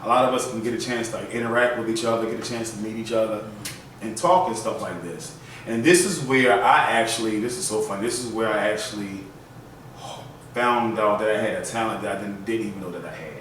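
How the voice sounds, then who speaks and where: A man hosting a casual storytelling vlog, chatting in an animated and loose way full of fillers. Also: fairly low pitch, fairly quick, slight background noise. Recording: very echoey room, mic at a distance.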